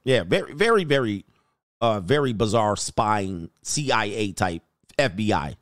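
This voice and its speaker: Brief: middle-aged man, blunt dating coach, animated storyteller, dry close sound. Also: on the low side, normal speed, no echo. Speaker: dating coach reacting to clips. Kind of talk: casual commentary.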